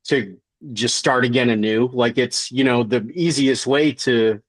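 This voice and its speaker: A man's voice: mid-range voice, fairly even intonation, unhurried. An enthusiastic man riffing in a casual meeting, heavy on slang and stumbling over repeated words. His voice sounds dry and close, with no room echo. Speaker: meeting participant. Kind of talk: casual group discussion.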